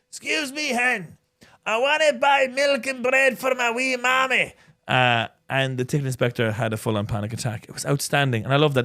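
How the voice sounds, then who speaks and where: A man's voice: medium pitch, no echo, clean studio sound. A man co-hosting a podcast, telling stories with teasing, cheeky humour. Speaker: podcast co-host. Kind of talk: casual chat.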